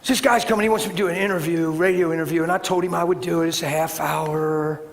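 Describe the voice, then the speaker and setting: A man preaching a sermon as a story, animated, acting out voices and building up to shouts. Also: on the high side, quick pace, vocal fry. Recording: hall reverb with faint noise.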